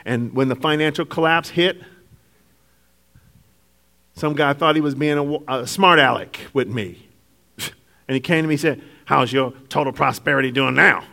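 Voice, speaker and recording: High-voiced guy preaching, goes quiet then loud, laughs a lot. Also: moderate pace, pauses often. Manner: animated preaching, swings from hushed to shouting, laughs often. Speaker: pastor. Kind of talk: sermon.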